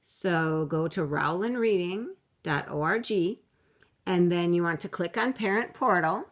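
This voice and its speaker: A woman teaching young children phonics from home, slowly sounding out words letter by letter for her camera. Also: on the low side. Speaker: kindergarten teacher. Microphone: computer camera mic.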